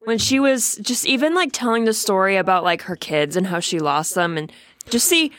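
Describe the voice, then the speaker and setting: An American woman co-hosting a casual chat about TV shows, enthusiastic and quick to chime in with agreement. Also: mid-range voice, expressive, fairly bright tone, no room sound. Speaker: podcast co-host.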